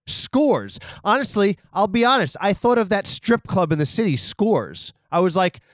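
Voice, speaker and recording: Man riffing with animated pitch swings. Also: moderate pace, dry recording, clean studio sound. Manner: crude, rambling, animated. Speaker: podcast host. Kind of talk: comedy podcast riffing on headlines.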